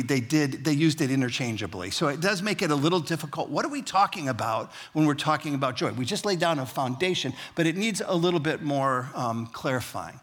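A man's voice: medium pitch, fairly bright tone. A male pastor giving a sermon in a conversational, folksy way, with humorous asides, and leading his congregation to repeat lines back to him. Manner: leads the congregation in call-and-response.

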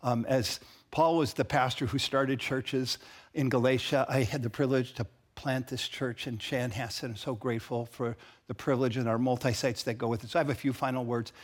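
A middle-aged man, the founding pastor of his church, preaching a sermon with earnest, emphatic repetition and a husky voice. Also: mid-range voice, steady tone, brisk.

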